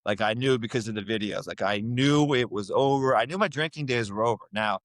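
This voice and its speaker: A man's voice: medium pitch, a little fast, no room sound. A middle-aged man telling a personal story in a casual interview, acting out the voices of people he quotes. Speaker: podcast guest.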